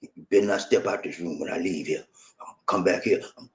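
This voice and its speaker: A man voicing a domineering macho man who bosses and threatens his woman, in a gruff, bullying way. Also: low voice, quick pace, voice pushed down, close to an everyday voice. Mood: threatening. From southern United States. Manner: gruff, threatening, bossy commands.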